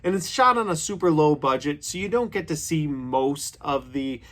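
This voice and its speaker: Man, 30s, somewhat high-pitched, chatty, opinionated, casual movie review. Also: expressive, normal speed, a bit bright.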